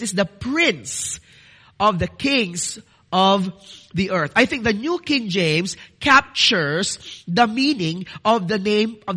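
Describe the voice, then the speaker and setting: Male preacher, very high bright voice, earnest sermon delivery that builds to emphatic declarations. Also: husky. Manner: addresses listeners as "dearly beloved".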